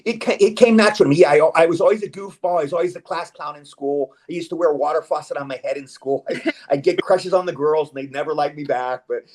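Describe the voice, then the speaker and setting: A man's voice: on the high side, fast. A man chatting as a guest in a casual interview, rambling and eager, with stammered restarts. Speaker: guest actor.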